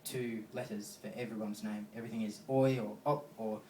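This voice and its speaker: A man's voice: fairly low pitch, fairly even intonation, fairly quick, dark tone, a little hiss or hum. An Australian man doing a stand-up comedy set, rambling and crude as he tells stories. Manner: rambling, crude storytelling with swearing. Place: comedy venue stage with live audience. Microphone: phone recording from the audience. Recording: distant phone recording in echoey room.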